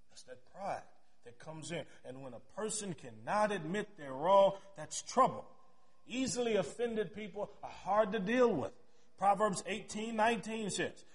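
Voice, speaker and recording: A pastor, a middle-aged man with a high-pitched voice, preaches a sermon. He tells personal stories with chatty asides. His loudness rises to near shouts and drops to quiet murmurs.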